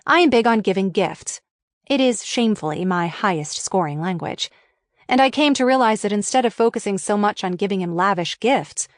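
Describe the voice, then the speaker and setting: A woman's voice: mid-range voice, dry recording, clean studio sound. A woman reading her own memoir aloud for an audiobook, in a frank, wry and candid way.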